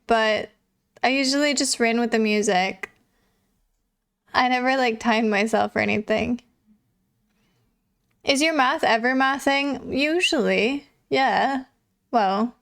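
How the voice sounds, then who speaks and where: Slow-talking, smooth-voiced young woman streamer. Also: on the high side, a bit bright. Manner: chatty, swears casually, laughs often. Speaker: livestreamer. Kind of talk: casual chat reading viewer messages.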